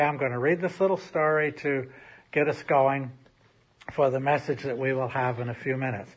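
A man's voice: mid-range voice, fairly bright tone. A male pastor delivering a recorded sermon in an empty church sanctuary, speaking casually with frequent restarts. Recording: slightly muffled recording.

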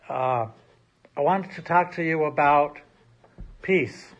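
A male pastor gives a recorded sermon to an empty sanctuary, speaking easily and often restarting his sentences. His voice sits a little high. The recording sounds somewhat dull and lo-fi. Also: slow pace, long pauses. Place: church sanctuary with empty chairs. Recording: slightly muffled recording.

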